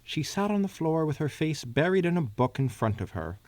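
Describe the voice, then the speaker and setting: A man's voice: a little high, very animated, normal speed, darkish tone, no room sound. A man co-hosting a comedy podcast, reading fanfiction aloud and stopping to add asides. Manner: reads with asides and stumbles.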